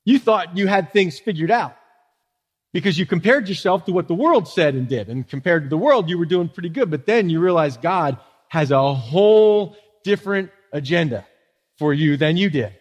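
A man's voice: a little high, animated, normal speed, husky. A man preaching a sermon as pastor, conversational, with frequent rhetorical questions to the congregation. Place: church sanctuary. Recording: long church reverb.

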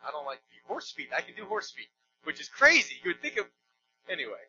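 Male pastor, bright and sharp-toned, chatty sermon with humorous asides; slightly dull recording with faint hum. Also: a little high, huge pitch swings, fairly quick. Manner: conversational, joking asides, emphatic storytelling. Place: church.

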